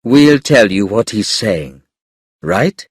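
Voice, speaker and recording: A kindly old grandmother from a storybook, read out by a man, gentle and reassuring. The delivery is slow and lively in pitch, with a slightly husky edge. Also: no echo, studio quality, full character voice.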